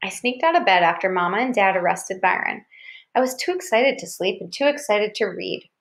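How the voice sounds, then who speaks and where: A woman reads a chapter of a novel aloud in the first person. Her delivery is even and steady, with plain, unhurried storytelling. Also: medium pitch, gravelly. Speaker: audiobook reader.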